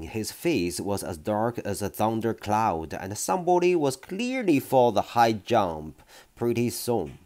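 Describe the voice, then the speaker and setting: Man reading a children's book aloud, slow pace, lively, expressive pitch, small slips. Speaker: reader.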